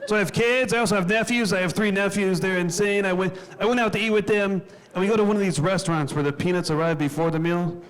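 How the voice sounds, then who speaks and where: A man doing a stand-up set on a club stage, telling crude, self-deprecating stories in a deadpan way and acting out what people said. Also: sits high, fast, hardly any pauses. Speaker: stand-up comedian. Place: comedy club stage before a live audience. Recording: live club recording with crowd laughter. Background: audience laughing.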